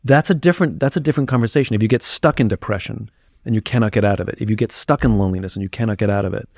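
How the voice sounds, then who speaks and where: A man's voice: fairly low pitch, very fast, creaky, a little mellow, dry recording, studio quality. A man talking candidly as an interview guest, reflective and thinking aloud as he goes.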